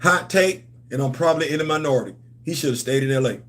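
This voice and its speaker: A man's voice: fairly high pitch, quick pace, hardly any pauses, a bit bright. A man hosting a comics and culture channel, talking in a loose, playful, repetitive way with slang. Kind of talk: casual livestream chat.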